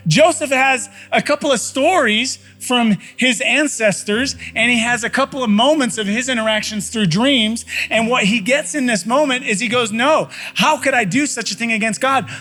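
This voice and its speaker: A man's voice: extremely high pitch, bright, forceful tone. A man preaching a sermon in a conversational, folksy way, often repeating phrases for emphasis. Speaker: pastor. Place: church sanctuary.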